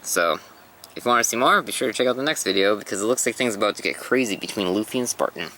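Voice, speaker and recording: Bright-voiced casual young man. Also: lowish voice, animated, quick pace, a little hiss or hum. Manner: casual, chatty. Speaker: host reading manga. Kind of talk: casual manga read-aloud.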